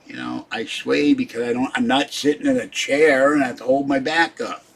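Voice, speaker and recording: Casting note: older male live-stream host, husky voice, cranky and grumbling at his viewers. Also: mid-range voice, expressive, normal speed. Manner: irritable, scolding viewers in the chat. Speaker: livestream host. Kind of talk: rambling live-stream chat.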